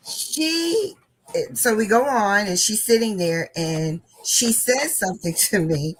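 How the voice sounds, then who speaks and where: A woman's voice: lowish voice, husky, low-quality recording. A woman hosting a crafting channel, telling a casual story and often laughing while she talks.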